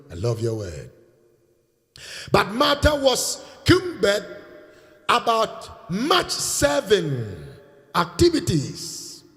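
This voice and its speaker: Nigerian preacher with a very high voice. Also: male voice. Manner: call-and-response preaching, bursts into shouting. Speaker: pastor. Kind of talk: sermon. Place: church hall. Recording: reverberant church hall, faint music.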